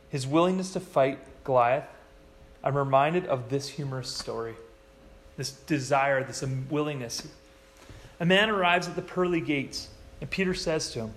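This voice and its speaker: Animated male preacher, slightly high voice. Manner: animated storytelling, acts out quoted lines in a higher voice. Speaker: pastor. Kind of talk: sermon. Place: church.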